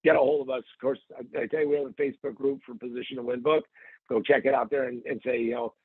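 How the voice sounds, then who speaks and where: A man's voice: medium pitch, steady tone, quick pace, husky, no echo. A man hosting a podcast in casual, joking chat, telling stories with playful asides. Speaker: podcast host. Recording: tinny phone-like line.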